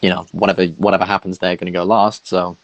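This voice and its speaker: A man narrating a tabletop game as dungeon master, halting with many fillers. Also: low voice, little pitch movement, no room sound, low-quality recording.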